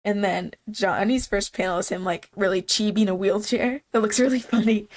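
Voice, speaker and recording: A woman's voice: medium pitch, moderate pace. A congested young woman streaming, chatting casually and rambling with frequent laughs.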